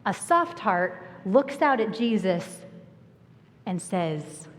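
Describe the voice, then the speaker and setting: A woman's voice: medium pitch, slow. Woman preaching in a reverberant church. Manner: animated storytelling, acting out voices and dropping to a whisper. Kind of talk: sermon. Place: church sanctuary. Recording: long church hall reverb.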